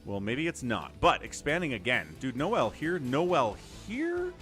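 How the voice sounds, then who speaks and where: A man commentating a strategy game live on his stream, chatty and excitable, thanking viewers between plays. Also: medium pitch, a little slow, soft background music. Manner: animated, chatty, thanks viewers mid-play.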